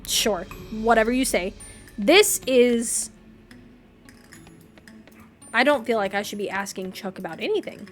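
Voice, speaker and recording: A woman's voice: fairly high pitch, unhurried, pauses often, faint music behind. A woman streamer reading game text aloud, with playful, wry asides to her viewers.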